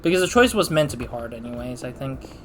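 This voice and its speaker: A man's voice: mid-range voice, lively intonation, fast talker, over loud music. A young adult man hosting a let's-play, commenting casually in a self-deprecating, laid-back way. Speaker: gaming channel host.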